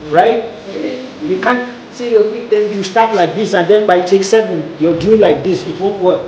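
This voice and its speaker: A man leads a stage combat drill as acting coach, counting off moves and barking cues in a commanding way. His voice sits a bit high for a man and he talks at an unhurried, deliberate pace. It is recorded in an echoey room with clear background noise. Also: a little mellow, lo-fi sound.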